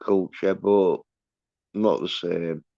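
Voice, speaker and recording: A man's voice: sits low, fairly even intonation, slow, vocal fry, dark tone, no echo, lo-fi sound. A man hosting a livestream, ranting in a rambling, profane way with many fillers and restarts. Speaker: livestream host.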